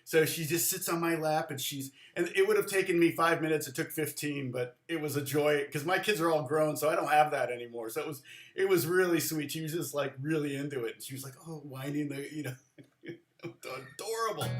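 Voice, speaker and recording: A man's voice: fairly high pitch, brisk, echoey room. A middle-aged man giving a casual live guitar lesson, rambling and chatty, with many restarts and side stories. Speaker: guitar teacher.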